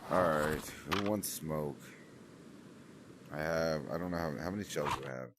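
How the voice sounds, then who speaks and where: A man's voice: a bass voice, normal speed, noisy background. A young man giving casual gameplay commentary, swearing a lot and grumbling at the game in frustration. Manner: frustrated, profane, talks to the game. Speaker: gaming streamer.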